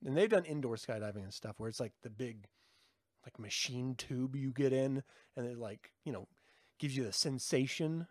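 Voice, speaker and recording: A man's voice: moderate pace, no room sound, clean studio sound. A middle-aged man rambling and joking in casual chat with his live viewers, laughing often. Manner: animated, jumps in pitch. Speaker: livestream host.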